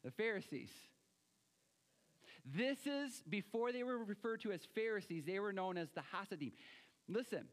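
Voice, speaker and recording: A man preaching a sermon, animated, acting out quoted voices and swinging between loud and soft. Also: high voice, normal speed, long pauses, in a large hall. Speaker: pastor.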